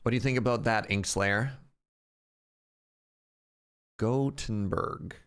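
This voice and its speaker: A man's voice: medium pitch, sing-song, moderate pace, creaky. A man streaming a game live, chatting playfully with his viewers. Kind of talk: casual live-stream chat.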